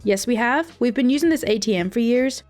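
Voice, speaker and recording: A woman's voice: fairly high pitch, lively intonation, brisk, a little mellow, faint music behind, close to an everyday voice. A woman voicing an indignant elderly man who argues with his bank over fees, in a storytime reading. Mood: angry. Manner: indignant, stubborn and accusing.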